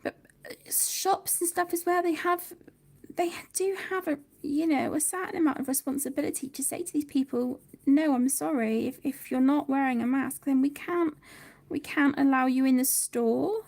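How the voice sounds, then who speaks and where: A woman's voice: high-pitched, normal speed, vocal fry, darkish tone. A woman in her thirties hosting a casual colouring livestream, chatting and reading viewer comments aloud.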